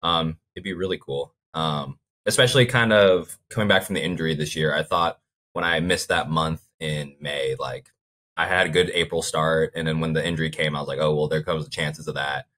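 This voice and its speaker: A man's voice: very deep voice, moderate pace, sharp tone. A young man as an interview guest, talking in a laid-back way, full of fillers and "like". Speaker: guest athlete. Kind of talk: casual interview chat.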